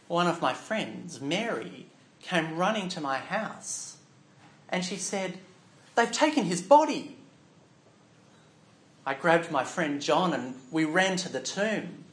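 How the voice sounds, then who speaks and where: Slow, echoey male storyteller. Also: a little high. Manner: expressive storytelling, shifting from hushed to loud. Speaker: preacher telling a Bible story. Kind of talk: first-person dramatic monologue. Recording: echoey room.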